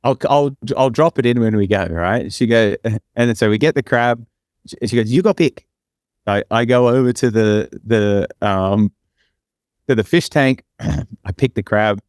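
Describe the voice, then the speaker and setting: A man's voice: fairly low pitch, unhurried, a little mellow, clear, resonant tone, dry recording, studio quality. A man co-hosting a podcast, telling rambling stories full of fillers and restarts. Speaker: podcast co-host. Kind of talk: casual podcast chat.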